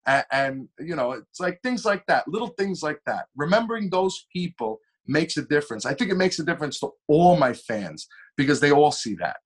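A young man spins a story as a podcast guest. His voice sits a bit high for a man. He keeps his telling lively, speeding up and slowing down as he goes. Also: husky. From Long Island, New York. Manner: animated storyteller with shifting pitch and pace. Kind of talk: casual storytelling interview.

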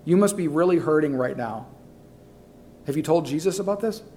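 A male pastor delivers a sermon in a fairly high voice. He drives his points home by repeating them, dropping into quiet low asides before rising into loud calls. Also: normal speed. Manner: emphatic, repeats key phrases.

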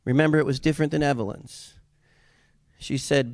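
Southern US pastor mid-sermon, man with a raised pitch and a dry, close sound, impassioned, goes loud then quiet. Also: fairly even intonation, normal speed, dry recording.

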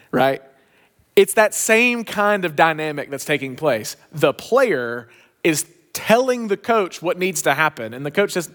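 A pastor preaching a sermon, telling a story with emphatic, shifting pace. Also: male voice, a little high, expressive, moderate pace, a bit bright.

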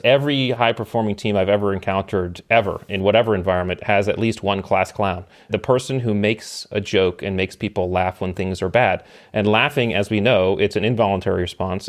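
A middle-aged man telling an animated story as a podcast guest, with emphatic delivery and ready laughter. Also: lowish voice. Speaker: podcast guest, former special operations member. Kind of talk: storytelling in casual conversation.

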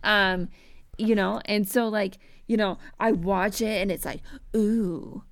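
A woman in her thirties with an American accent, a podcast guest telling animated, profane stories in casual chat. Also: medium pitch, a little slow, dry recording, clean studio sound. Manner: animated storyteller, swears freely, acts out voices.

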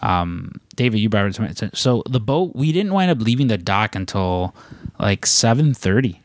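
Podcast co-host, man, low pitch, rambling jokey talker, dry mic. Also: big pitch swings, normal speed, no room sound. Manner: rambling, many fillers and restarts, jokey. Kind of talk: casual chat.

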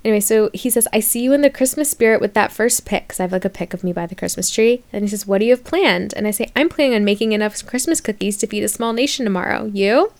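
A woman's voice: medium pitch, quick pace, few pauses. Exasperated young woman telling a dating story. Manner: exasperated, sarcastic storytelling with mock outrage. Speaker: podcast host. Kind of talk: casual storytelling monologue.

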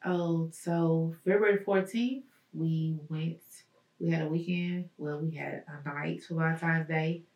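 Guest woman, slightly rough voice, halting testimony, recorded from a distance with room echo. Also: sits low, fairly even intonation, muffled recording. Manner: halting, searching, with many pauses and fillers. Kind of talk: personal testimony in an interview. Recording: roomy echo, mic at a distance.

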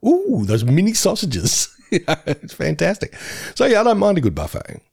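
Podcast co-host, male, mid-pitched, gravelly, jokey banter. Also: huge pitch swings, moderate pace, a little mellow. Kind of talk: casual chat.

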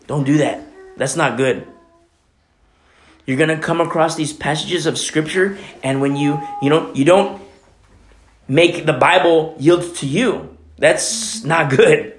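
A man's voice: a little high, lively intonation, a little slow, long pauses, roomy sound, a little hiss or hum. A man preaching a sermon as pastor, with emphatic, repetitive, conversational delivery. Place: church.

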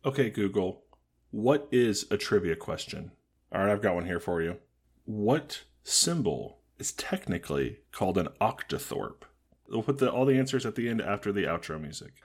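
A man with a low, husky voice talks loosely and jokes as he co-hosts a comedy podcast. He pitches scenes, and now and then he acts bits out in a silly voice. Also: very animated, normal speed. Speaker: podcast co-host. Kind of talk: comedic casual chat.

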